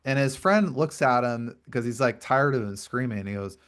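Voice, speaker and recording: A man's voice: mid-range voice, normal speed, fairly bright tone. A male podcast host in a conversational interview, explaining earnestly at length and often repeating words. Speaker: podcast host and grief coach.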